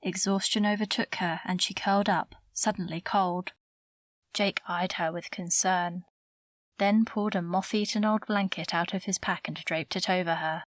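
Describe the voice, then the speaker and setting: A woman narrating an audiobook novel in a measured, even storytelling voice, close to the mic. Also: lowish voice, dry recording. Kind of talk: scripted narration.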